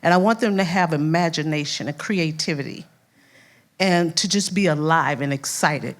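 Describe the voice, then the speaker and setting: Older woman, Southern accent, teacher's speech, lively storytelling, slightly low voice. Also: normal speed. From Louisiana. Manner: animated storyteller, acts out voices, laughs often. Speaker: first-grade teacher. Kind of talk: heartfelt speech at an awards event.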